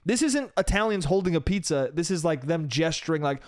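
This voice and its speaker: Male podcast host, solo comedic monologue; raised, very animated pitch, swears freely, laughs at his own jokes. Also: brisk, no echo, studio quality.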